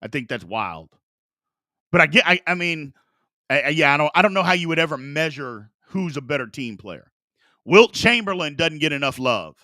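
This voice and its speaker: Casting: male sports talk host, slightly high, forceful voice, insistent and repetitive, dry close mic. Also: very animated, moderate pace, no echo. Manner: emphatic, repeats himself for emphasis.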